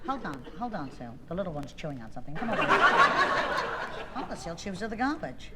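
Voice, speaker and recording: A woman doing a comic phone monologue as a chatty mother who keeps scolding her kids with sudden shrill yelling. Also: very animated, fast talker. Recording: old recording with loud hiss and long reverb.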